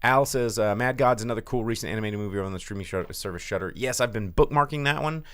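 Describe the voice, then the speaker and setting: A man's voice: mid-range voice, fast, fairly bright tone, no room sound. A man hosting a casual movie review chat, rambling with lots of fillers and restarts. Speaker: podcast host.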